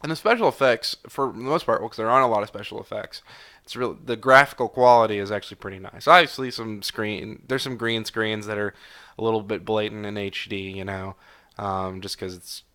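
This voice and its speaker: A man's voice: fairly low pitch, fairly even intonation, fairly quick, pushed and bright. A tired man in his twenties hosting a casual solo podcast, rambling with lots of fillers and self-corrections. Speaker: podcast host. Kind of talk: casual solo review chat.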